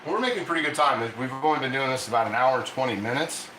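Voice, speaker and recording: A man's voice: mid-range voice, quick pace, bright, forceful tone, roomy sound, slight background noise, rough recording. A man hosting a casual cooking stream, chatty and laughing often as he coaxes his dog through tricks. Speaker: cooking channel host. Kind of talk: casual live cooking chat.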